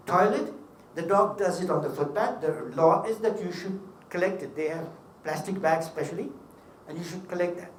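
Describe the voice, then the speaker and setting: A man's voice: high-pitched, slight background noise. A man giving a seminar talk, telling humorous stories with emphatic delivery. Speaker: seminar speaker. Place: hotel seminar hall. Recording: echoey hall, mic at a distance.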